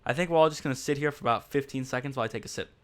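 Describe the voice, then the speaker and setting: A man with a smooth, clear voice hosts a casual livestream podcast. He rambles on with lots of fillers and speaks in a blunt, mocking tone, addressing his viewers directly. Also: medium pitch, racing.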